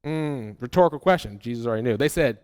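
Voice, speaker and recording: A pastor preaching a sermon to his congregation. He talks to them directly in a conversational, animated way and acts out people's replies. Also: medium pitch, fast talker, clean tone.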